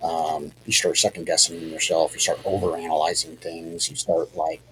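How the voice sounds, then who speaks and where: A man with a low, deep voice tells a hunting story in a loose, rambling way. He second-guesses himself and fills his talk with "you know" and "um". A faint hiss sits under the recording. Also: level tone, moderate pace, hardly any pauses, fairly bright tone, poor audio. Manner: rambling, self-deprecating, many fillers and restarts. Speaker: hunting guide telling a hunt story. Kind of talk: casual storytelling on a podcast.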